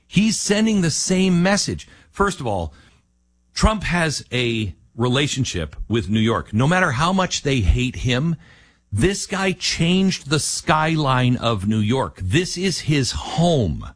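Male talk radio host, husky, very animated delivery, dry studio sound. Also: mid-range voice, slow, no room sound. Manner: animated, emphatic, drops into quoted voices. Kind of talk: talk radio commentary and live ad reads.

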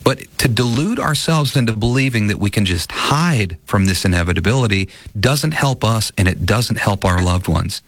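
A man's voice: on the low side, animated, moderate pace, few pauses, dry recording. A man hosting a financial advice radio show, talking earnestly in a folksy, casual way.

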